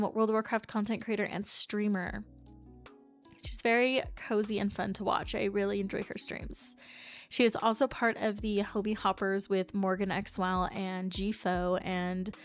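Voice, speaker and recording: A woman's voice: mid-range voice, clean tone. A woman live streamer chatting casually with her viewers in a bubbly, chatty way, full of fillers, sometimes dropping to near whispers.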